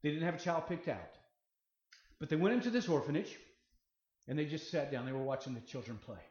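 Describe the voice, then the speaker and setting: High-voiced preacher in an echoey room. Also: male voice, a little fast. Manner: swings from quiet storytelling to loud proclamation. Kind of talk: sermon. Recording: echoey room, slightly muffled.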